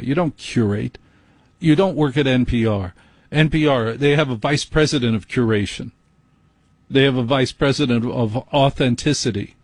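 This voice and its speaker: A husky-voiced man rants on his radio talk show, sarcastic and mocking as he jabs at the way other people talk. The studio sound is dry and close, with no room echo. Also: medium pitch. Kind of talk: ranting radio monologue.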